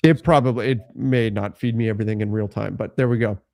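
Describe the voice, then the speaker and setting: A man's voice: lowish voice, fairly even intonation, quick pace, creaky, a little mellow, dry recording, clean studio sound. A man co-hosting a live basketball draft show, chatting casually and laughing often. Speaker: podcast co-host.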